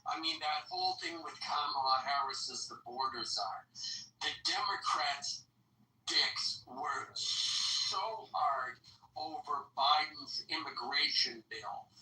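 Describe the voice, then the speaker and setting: A man's voice: on the high side, pushed and bright, far from the mic. A man hosting a political talk chat, rambling and emphatic, recorded off-mic in an echoey room with faint noise. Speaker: host.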